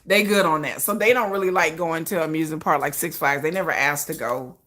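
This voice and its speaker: Bright-voiced woman hosting a chatty livestream. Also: low voice, a little fast. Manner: chatty, laughs often, greets viewers in chat. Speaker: livestream host. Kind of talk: casual livestream chat.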